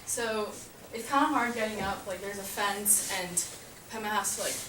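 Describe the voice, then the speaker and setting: A woman's voice: medium pitch, normal speed. A woman casually telling a funny personal story, chatty and laughing often, filling her talk with "like". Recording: echoey room, far from mic, noisy.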